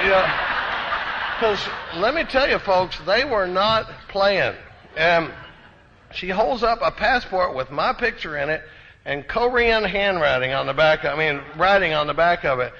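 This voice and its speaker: A man from Austin with a Texan accent, telling an animated, self-deprecating recovery story to a conference crowd. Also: high voice, normal speed, vocal fry, slight background noise. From Austin, Texas. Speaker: recovery speaker. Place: conference hall. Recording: dull echoey hall recording.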